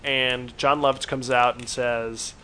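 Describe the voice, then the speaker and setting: A man co-hosting a horror review podcast casually recaps an episode's plot, tossing in quick asides and acting out the quoted lines. His mid-range voice is level, pushed, and bright, and there is a little hiss or hum on the recording.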